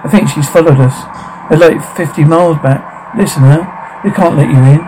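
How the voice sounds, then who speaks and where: A man's voice: a little high, fairly quick, close to an everyday voice, low-quality recording. An actor playing a protective father who gives his daughters firm, commanding orders in a horror film. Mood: tense. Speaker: father of the family. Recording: film soundtrack with steady background noise.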